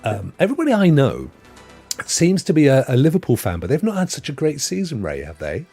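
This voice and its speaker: A man's voice: medium pitch, wildly swooping pitch, brisk, dark tone, soft background music. A man in his fifties with a mixed Potteries and Sydney accent and a touch of Devon, hosting a live stream and chatting casually with viewers in a matey, rambling way. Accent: mixed Potteries and Sydney, with some Devon. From England. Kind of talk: casual chat reading viewer comments.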